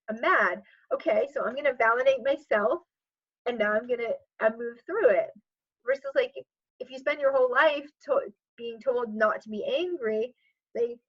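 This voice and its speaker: A woman speaks as a podcast guest in an earnest, reflective way, her voice sitting a little high. She talks loosely, leaning on "like" and "sort of" as she thinks aloud. The audio is dull and lo-fi. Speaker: transformational coach, podcast guest. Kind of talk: casual interview conversation.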